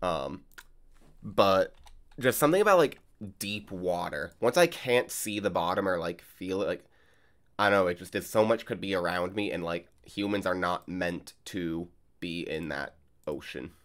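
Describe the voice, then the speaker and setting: Man, deep voice, casual rambling gameplay talk, chatty, desk mic. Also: moderate pace, a bit bright. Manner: rambling, chatty, filler-heavy. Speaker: card game channel host. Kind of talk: casual gameplay vlog and commentary. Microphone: desk mic while recording gameplay.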